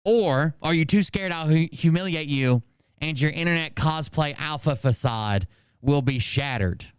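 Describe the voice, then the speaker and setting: A man talking through clips on a live stream, sarcastic and rambling, with frequent uh and um. His voice is smooth and resonant, recorded close and dry with no room sound. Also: a little high, a little slow, no echo. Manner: reads quotes aloud, sarcastic asides, frequent fillers. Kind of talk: casual commentary.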